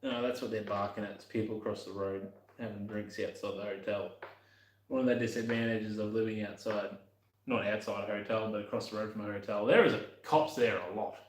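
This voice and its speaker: A man's voice: fairly low pitch, fairly even intonation, a little fast. Rambling man in an echoey workshop. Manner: rambling, mutters to himself, swears casually. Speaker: vlogger working on his motorbike. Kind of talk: casual running commentary while working.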